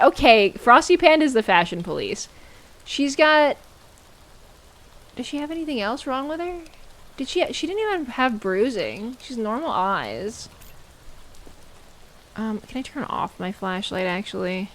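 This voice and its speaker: A woman streaming a game, chatting casually and playfully, mocking herself and exclaiming loudly when startled. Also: on the high side, sing-song, unhurried. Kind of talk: casual gameplay commentary.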